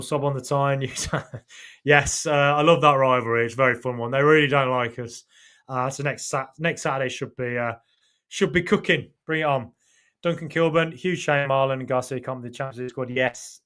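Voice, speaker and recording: A man's voice: mid-range voice, a bit bright. A man hosting a live fan podcast, reading viewer comments aloud and chatting about them casually, with many fillers and restarts. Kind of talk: casual live-stream chat.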